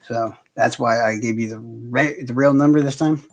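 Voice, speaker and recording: A man's voice: medium pitch, steady tone, moderate pace, dull audio. A man hosting a casual livestream, ranting in heavy profanity and answering viewers' comments directly. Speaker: livestream host.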